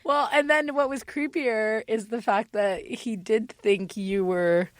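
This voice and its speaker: A woman's voice: a little high, fairly even intonation, slow pace, no echo. A woman hosting a candid podcast, chatty and laughing often, with many restarts. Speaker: podcast host.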